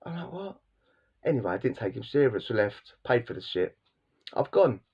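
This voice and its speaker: A man's voice: medium pitch, lively intonation, fairly quick, slightly rough, highs cut off. A man vlogging, telling casual stories in a rambling, slangy way with lots of repeats and restarts. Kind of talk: casual storytelling monologue.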